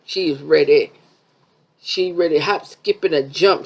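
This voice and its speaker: A woman's voice: low voice, measured pace, darkish tone, husky. A woman vlogger giving a chatty, sassy review of a reality TV episode, full of asides.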